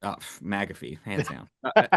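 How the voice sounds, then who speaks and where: A man's voice: low-pitched, wildly swooping pitch, measured pace, gravelly, a bit bright. A man co-hosting a sports podcast, talking in a laid-back, casual way with frequent swearing and laughter. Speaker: podcast co-host.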